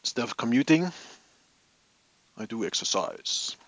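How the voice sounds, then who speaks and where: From his home office, a man hosts a live hobby stream, chatting casually with viewers and laughing at his own rambling stories. His mid-range voice is animated, fairly bright, and a little slow. The highs are cut off.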